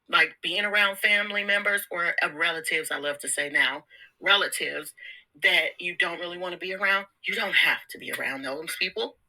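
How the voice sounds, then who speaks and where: A woman's voice: mid-range voice, bright, forceful tone, low-quality recording. A woman vlogging a casual motivational talk, candid and slangy, laughing often and repeating words. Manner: slangy, informal. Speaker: self-help vlogger.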